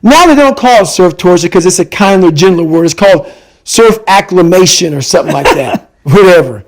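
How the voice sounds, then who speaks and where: A man with a fairly high voice for his sex tells a hard personal story in conversation. He is emphatic and intense, repeating lines to drive each point home, and he speaks as a podcast guest. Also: expressive, a little fast, rough recording.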